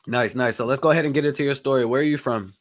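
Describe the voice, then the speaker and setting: A man's voice: mid-range voice, very fast. A young man hosting a podcast, chatting casually with a guest and rambling with lots of fillers. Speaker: podcast host. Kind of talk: casual interview chat.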